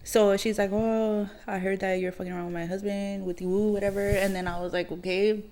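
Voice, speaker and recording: A woman's voice: medium pitch, level tone, fairly quick, warm tone. A woman in her thirties, a podcast host, telling a personal story in casual chat, blunt and rambling with heavy swearing and many fillers.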